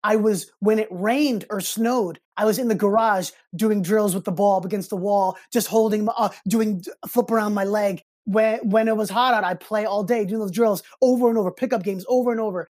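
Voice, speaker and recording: A man telling a personal story as a podcast guest, animated and expressive, slipping into other people's voices as he recounts them. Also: sits high, a little fast, hardly any pauses. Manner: animated, acts out quoted voices in his stories. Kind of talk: casual storytelling interview.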